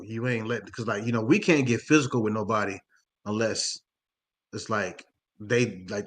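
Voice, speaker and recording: A man with a voice on the low side narrates a story in relaxed podcast talk. He's animated and profane and performs the voices of the characters.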